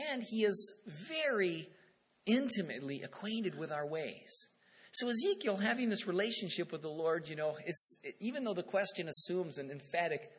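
A husky-voiced man preaches a sermon, his voice sitting a little higher than most men's. He reads scripture with swelling emphasis, then drops into a relaxed, conversational aside to explain it. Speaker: pastor.

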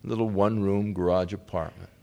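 A man preaching a sermon through a personal story, moving between hushed, low passages and raised, heartfelt ones. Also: steady tone, a little fast, gravelly.

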